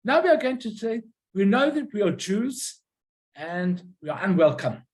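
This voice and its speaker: Middle-aged woman lecturing casually, stops n restarts a lot, tells little stories, mid pitch. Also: big pitch swings, a little mellow, poor audio. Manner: halting, searches for words, tells anecdotes. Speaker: lecturer on stamps and postcards. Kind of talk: informal illustrated lecture.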